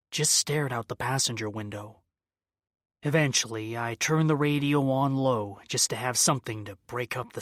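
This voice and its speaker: A man reading a first-person crime audiobook, measured and subdued. His voice sits at a middling pitch, close-miked with a dry, dead sound. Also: fairly bright tone, dry recording. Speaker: audiobook narrator.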